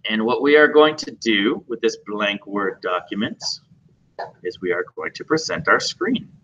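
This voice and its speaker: A man's voice: lowish voice, lively intonation, a little slow, bright, forceful tone. Joking man teaching a computer class. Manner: joking and chatty, asks the class questions. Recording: dull lo-fi classroom recording.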